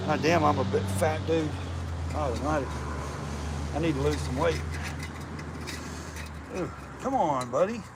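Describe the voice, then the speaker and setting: A man's voice: a little high, heavy background noise. A man with a slight lisp on his s sounds, talking casually while he works on a motorcycle, joking, swearing freely and chatting with viewers. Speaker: motorcycle vlogger. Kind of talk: casual chat while wrenching.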